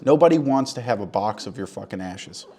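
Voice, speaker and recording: Young man, lowish voice, crude mock-earnest rambling, comedic monologue. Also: lively intonation, brisk, darkish tone, breathy edge. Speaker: comedy vlogger.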